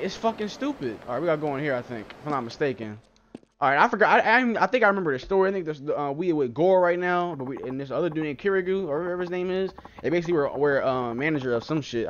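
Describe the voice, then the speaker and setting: A man hosting a let's-play gaming video, ranting in an excitable, profane way, speaking close to the mic. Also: high-pitched, highs cut off, a little hiss or hum. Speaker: gaming channel host.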